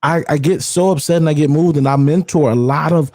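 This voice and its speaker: A fairly high-voiced man hosts a podcast in a loose, conversational way. He talks candidly and emphatically, drops slang and often repeats words. The sound is dry and close. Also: fairly even intonation, fairly quick, mellow, no room sound. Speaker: podcast host.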